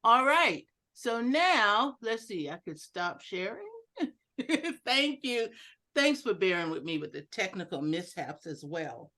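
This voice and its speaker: A woman's voice: medium pitch, takes it slowly. A woman giving an educational talk on a video call, playfully acting out different inflections of one sentence. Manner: animated, playful, acts out inflections. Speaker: educational speaker at a club meeting. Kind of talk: online presentation with audience exercises.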